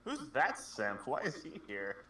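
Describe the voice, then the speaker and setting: A man's voice: mid-range voice, huge pitch swings, unhurried, pushed and bright, distant mic, a little hiss or hum. Swearing man telling rambling stories. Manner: profane, rambling storyteller. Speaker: co-host of a gaming stream. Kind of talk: casual gaming stream chat. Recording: echoey and off-mic with music.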